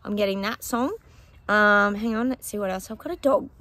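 An Australian psychic vlogger chats to her viewers in a rambling, casual way, filming on a handheld phone outdoors in her backyard and breaking into bits of song. Her medium-pitched voice is a bit bright at a normal speed, with no echo.

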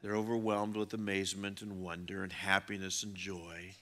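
A man preaching a sermon, animated, acting out the voices of people in the story and swinging between loud outbursts and hushed lines. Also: deep voice, normal speed. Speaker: pastor.

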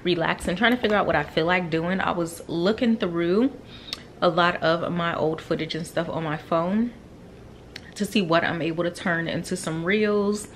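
A woman's voice: lowish voice, normal speed, a little hiss or hum. A woman in her thirties chatting casually to her viewers in a vlog from her couch at home. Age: 30s. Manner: chatty and animated, addressing viewers directly. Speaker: vlogger.

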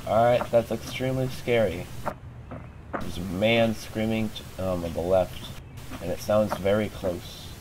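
A man streaming a game, just woken up, talking through his moves in a sleepy, monotone, rambling way. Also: lowish voice, measured pace, very noisy. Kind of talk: casual gameplay commentary.

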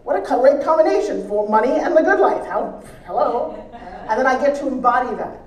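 In a large event hall, a woman on stage talks a little fast as she coaches a live seminar crowd on pitching, keeping it energetic and funny. Distant, roomy hall sound colors the recording.

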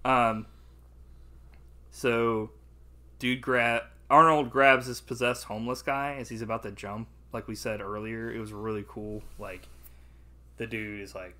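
A man's voice: mid-range voice, fairly even intonation, unhurried, sharp tone. A young man co-hosting a podcast, reviewing a movie in casual chat, rambling with lots of filler words and frequent laughs. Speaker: podcast co-host.

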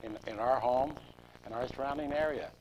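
Older guest with plain steady talk. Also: male voice, medium pitch, a little fast, muffled recording. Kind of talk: interview answers. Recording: noisy 2002 local cable recording.

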